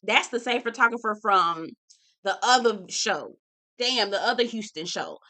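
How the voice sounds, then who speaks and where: A woman's voice: on the high side, normal speed, bright, forceful tone. A young woman hosting a reality TV recap, talking candidly and casually to her viewers, swearing freely and calling them "girl" and "y'all". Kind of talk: casual chat.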